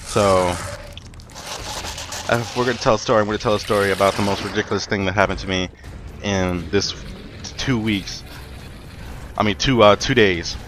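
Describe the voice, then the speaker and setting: A young man with a fairly low voice rambles through a story from his job while he plays a game, swearing freely and circling back on himself with fillers. Faint background noise hangs under the recording. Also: fairly even intonation, normal speed, pauses often. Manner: rambling, profane, many fillers and restarts. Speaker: gaming commentator.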